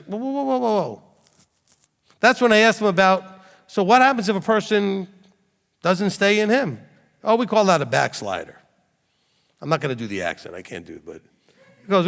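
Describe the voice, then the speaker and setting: A man's voice: sits high, a bit bright. Man, middle-aged, rabbi teaching, storytelling, rhetorical questions, echo of a big hall. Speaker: rabbi teaching a Bible study. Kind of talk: animated sermon teaching. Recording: long hall reverb.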